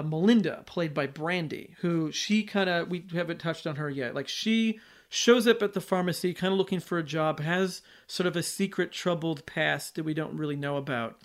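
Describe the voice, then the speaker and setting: A high-pitched man talks through a film plot in a relaxed, conversational way. He rambles, doubles back and fills gaps with fillers as he goes. The delivery is casual podcast chat. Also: moderate pace. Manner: rambling, with many fillers and restarts. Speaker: podcast host.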